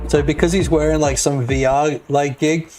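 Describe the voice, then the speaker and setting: A man streaming his game development, chatting casually, excitable, laughing and swearing a lot. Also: on the high side, normal speed, faint music behind. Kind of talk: casual live-stream chat.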